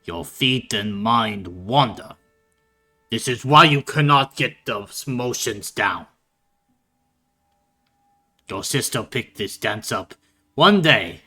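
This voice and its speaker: A man voicing a gruff, stern noble father who demands discipline from his daughter. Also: mid-range voice, lively intonation, slow pace, pauses often, pushed and bright, faint music behind, heavily acted. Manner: commanding, demanding.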